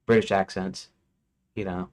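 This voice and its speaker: Low-voiced man thinking aloud. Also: flat delivery, a little slow. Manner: thinking aloud, counting under his breath, trailing off. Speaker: game developer streaming his work. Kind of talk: casual work-along commentary.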